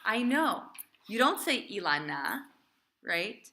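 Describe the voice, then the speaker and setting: Woman cantor running a class, lively and emphatic, bright clear voice. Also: mid-range voice, slow pace. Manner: lively, emphatic, chanting trope names. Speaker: cantor teaching Torah reading. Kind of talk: classroom teaching.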